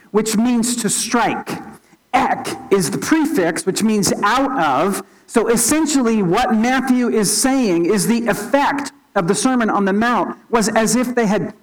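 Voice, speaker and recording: Earnest pastor preaching a sermon. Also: poor audio. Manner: earnest teaching tone, frequent small restarts and repeated words; opens with a quiet, low spoken prayer.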